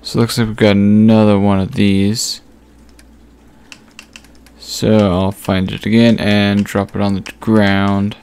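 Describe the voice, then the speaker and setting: A man giving casual gameplay commentary, thinking aloud as he sorts through items with frequent pauses and fillers. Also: fairly low pitch, little pitch movement, darkish tone, clean tone. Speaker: gaming channel host.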